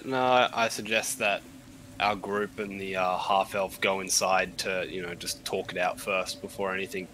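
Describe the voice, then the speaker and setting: A man playing a tabletop game, speaking in a measured, conciliatory way. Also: low voice, steady tone, bright, forceful tone, a little hiss or hum. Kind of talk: casual chat.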